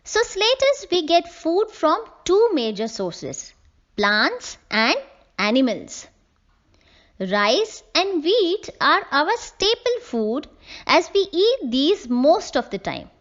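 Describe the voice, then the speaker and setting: Slow, lively woman teacher. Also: high-pitched, muffled recording. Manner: slow, clear explaining, spells words letter by letter. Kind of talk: classroom lesson reading from a textbook.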